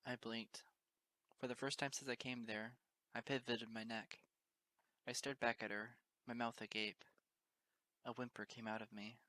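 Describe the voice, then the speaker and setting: A man's voice: medium pitch, flat delivery, unhurried, pauses often, bright, forceful tone. A man narrating a fan fiction audiobook in an earnest, emotional first-person reading. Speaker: audiobook reader.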